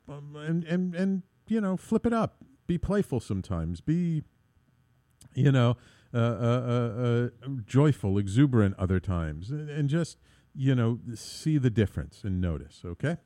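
A man's voice: mid-range voice, mellow, dry recording. A man hosting an internet radio talk show, earnest and upbeat, rambling with many fillers and restarts. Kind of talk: casual radio talk monologue.

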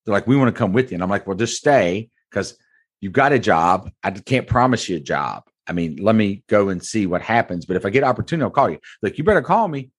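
Man, 40s, dealership owner. Deep, husky, candid storyteller. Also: expressive, fast talker. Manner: earnest, blunt, folksy, calls host brother. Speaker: car dealership owner, interview guest.

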